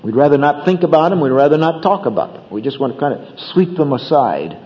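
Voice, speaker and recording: A man's voice: fairly high pitch, expressive, fast, darkish tone, long reverb tail, lo-fi sound. A man preaching a sermon about marriage in an earnest manner, with rising emphasis and acted bits of dialogue. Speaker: pastor.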